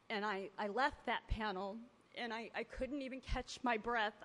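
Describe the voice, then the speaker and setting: A woman's voice: mid-range voice, fairly bright tone. A woman telling her recovery story to a meeting in an earnest way, acting out the voices of the people in it. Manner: earnest storytelling that acts out remembered talk. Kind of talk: personal testimony to a recovery meeting. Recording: long hall reverb.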